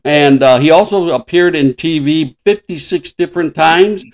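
A man's voice: a little high, normal speed. A man in his sixties, a podcast host, chatting casually and laughing often as he retells stories. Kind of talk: casual chat.

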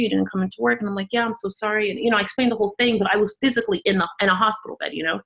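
A middle-aged woman from Miami, a guest entrepreneur telling her story in an animated way, acting out the voices of people she quotes. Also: medium pitch, rapid-fire, creaky, hardly any pauses. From Miami, Florida. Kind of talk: storytelling interview talk.

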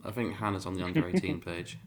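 Wry, teasing low-voiced Englishman. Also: expressive, quick pace, crowd noise. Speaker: podcast co-host. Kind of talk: casual chat.

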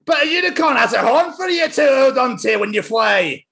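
Man putting on a high, whiny Scottish piglet kid for a cartoon storybook. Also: lively intonation, fairly quick, gravelly, bright, forceful tone, raised voice, full character voice. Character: little Scottish girl piglet, pleading.

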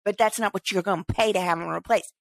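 A woman co-hosting a podcast, chatting casually and ranting in an exasperated, animated way. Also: mid-range voice, fast, creaky, no echo. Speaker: podcast co-host. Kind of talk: casual chat.

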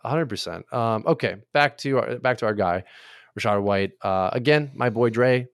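A man's voice: medium pitch, moderate pace, dry recording, studio quality. A young man co-hosting a podcast, giving blunt, opinionated takes in casual sports chat and swearing freely. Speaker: podcast co-host.

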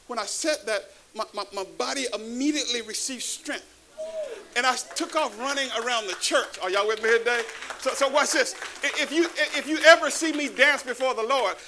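A man preaching a sermon to a live congregation, animated, calling out to the audience and rising to shouts. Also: high-pitched, low-quality recording. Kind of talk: sermon with testimony. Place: church before a live congregation.

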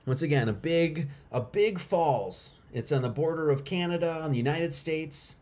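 This middle-aged livestream host has a slightly high, expressive and a little mellow voice, moving at a moderate pace. In a casual stream he speaks to chat with emphasis, repeating himself for impact.

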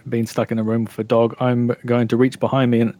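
A man playing his character in a tabletop game, with a wry, deadpan manner. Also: mid-range voice, fairly quick, dry recording. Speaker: player.

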